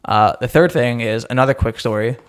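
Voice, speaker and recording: A young man telling stories on a casual chat podcast. He rambles and circles back, with plenty of "like" and "um," and his pitch sits in an ordinary middle range. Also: brisk, clean tone. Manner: rambling storytelling with frequent fillers. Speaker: podcast co-host.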